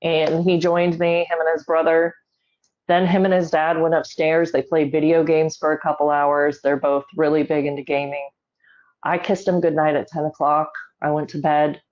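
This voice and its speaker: A middle-aged woman telling a personal story in an interview, measured and emotional, holding back tears. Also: low voice, flat delivery, darkish tone, lo-fi sound. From South Carolina, US. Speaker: guest.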